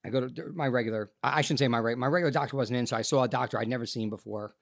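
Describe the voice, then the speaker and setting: A middle-aged man, a podcast guest telling his story in an animated way and acting out what people said. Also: medium pitch, very fast, vocal fry, dry recording, clean studio sound. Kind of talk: storytelling interview.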